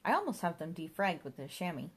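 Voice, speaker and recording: A woman's voice: fairly low pitch, big pitch swings, quick pace, breathy edge. A woman doing a dotty, fussing mother. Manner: chatty, dotty, matter-of-fact. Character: eccentric fussing mother, middle-aged.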